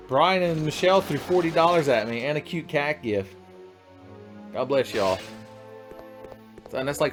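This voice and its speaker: A man from the United States, casually chatting and joking crudely with his chat while streaming a game. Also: mid-range voice. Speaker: livestreamer. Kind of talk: casual gaming livestream chat.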